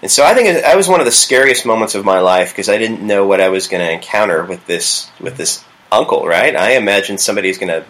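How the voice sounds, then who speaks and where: Low-voiced man telling a story, halting. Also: lively intonation, fairly bright tone, rough recording. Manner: halting, with frequent restarts and fillers. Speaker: youth pastor. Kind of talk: casual storytelling interview.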